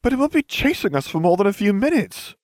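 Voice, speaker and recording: Prim know-it-all schoolgirl witch, as a male reader does her, lifted high, scolding, swinging pitch. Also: very animated, quick pace, no room sound, studio quality. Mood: chiding. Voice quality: haughty, chiding. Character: bossy teenage girl witch, prim. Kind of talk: audiobook fan fiction reading.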